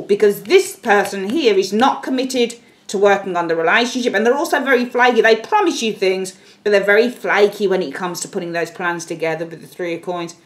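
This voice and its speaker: A woman gives a casual tarot reading in a lively, animated way. She talks bluntly, swears now and then, and acts out the scenes she sees in the cards. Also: mid-range voice. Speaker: tarot reader.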